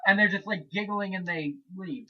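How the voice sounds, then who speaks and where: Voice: mid-range voice, normal speed, raised voice, heavy background noise. A podcast panelist telling a story in a blunt, joking way during a casual chat, on a dull lo-fi recording.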